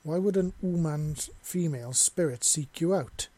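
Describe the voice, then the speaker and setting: A man's voice: a little high, moderate pace, mellow, voice pushed up, close to an everyday voice. A man voicing a proud, fiery young female alien huntress in a storybook reading, raising his voice for her. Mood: curious.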